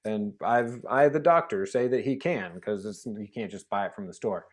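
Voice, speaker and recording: A man as a guest on a video-call interview, chatty and animated, acting out dialogue and laughing often. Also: on the low side, normal speed. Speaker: guest facilitator. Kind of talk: casual storytelling interview.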